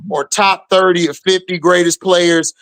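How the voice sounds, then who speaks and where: A man hosting a casual sports talk show, animated and emphatic with lots of slang. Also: high-pitched, unhurried, dry recording. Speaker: podcast host.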